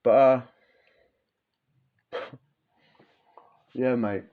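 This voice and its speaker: A man hosts a podcast, ranting in a blunt, mocking and sweary way with plenty of animation. His voice sits at an ordinary pitch for a man. The recording sounds dull and lo-fi. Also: steady tone, extremely slow. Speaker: podcast host, former prisoner. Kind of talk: casual ranting monologue.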